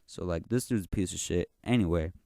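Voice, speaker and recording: A man's voice: low voice, fairly quick, vocal fry, mellow, no echo, clean studio sound. A young man hosting his own podcast, telling a story in a slangy, profane, boastful way that rambles and keeps circling back to "you know what I'm saying.". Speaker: podcast host. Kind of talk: casual solo podcast rant.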